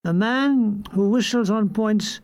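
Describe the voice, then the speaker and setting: Older man, comic memoir narration, wry, deadpan, very slow, dry recording. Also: high voice, dry recording. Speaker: author reading his memoir.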